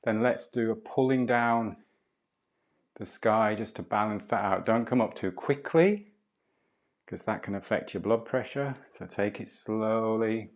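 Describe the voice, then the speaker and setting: A middle-aged man leads a qigong and movement class, calmly cueing breath and posture and chatting between exercises. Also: lowish voice, a little slow.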